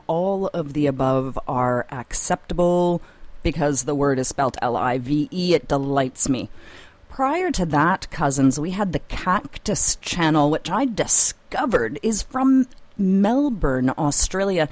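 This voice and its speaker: A woman hosts a community radio show from a studio. Her delivery is playful and theatrical, lingering over words at a slow pace. Her pitch swings widely and sits slightly low, and the sound is dry and close. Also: expressive, a little mellow, no room sound. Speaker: radio host.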